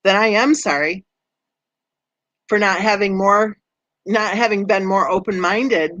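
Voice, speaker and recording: A woman hosting a true crime channel, chatting with viewers and reading their comments, conversational and quick to laugh. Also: medium pitch, a bit bright, no room sound. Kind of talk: livestream chat reading comments.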